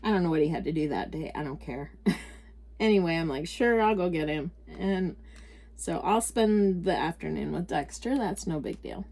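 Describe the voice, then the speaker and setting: A woman's voice: fairly low pitch, expressive, normal speed, darkish tone. An older woman with a Midwestern American accent, chatting casually while crafting, rambling through stories, laughing often and correcting herself. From United States. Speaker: crafting vlogger.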